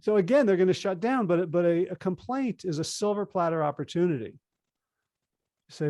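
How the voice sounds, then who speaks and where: Animated man with a dry close sound. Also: sits high, moderate pace, dry recording. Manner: animated, acts out quoted dialogue. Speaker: interview guest, author. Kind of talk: conversational interview.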